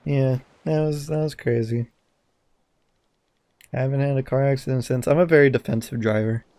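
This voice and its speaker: A man's voice: medium pitch, normal speed, dry recording. A man co-hosting a podcast in casual chat, telling a story with lots of swearing and acted-out quotes. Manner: animated storyteller, acts out quotes, swears often. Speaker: podcast co-host.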